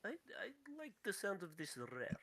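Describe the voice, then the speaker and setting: A man's voice: sits high, wildly swooping pitch, normal speed, sharp tone, no room sound. A man with an Irish accent playing a tabletop game, giggly and slipping out of his character voices. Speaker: player.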